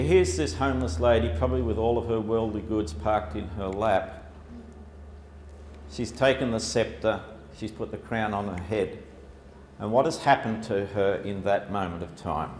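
A man's voice: fairly low pitch, darkish tone. A man giving a chatty, humorous public talk with slides to an audience, with lots of fillers. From Australia. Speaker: speaker. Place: lecture hall before an audience. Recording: echoey hall, faint background noise.

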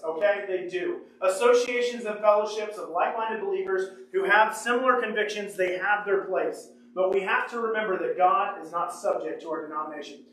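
A man preaches with a notably high voice, reading scripture aloud and repeating key lines for emphasis. The mic sits well back from him, so his voice rings through a very reverberant church room. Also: a little fast, few pauses, a bit bright. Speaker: pastor. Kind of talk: sermon. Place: church sanctuary. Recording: echoey room, mic far off.

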